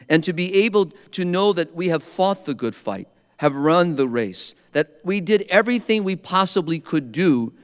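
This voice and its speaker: Man preacher, earnest, measured, resonant voice, slightly high, hall reverb. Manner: earnest, measured, slows for emphasis. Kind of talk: sermon.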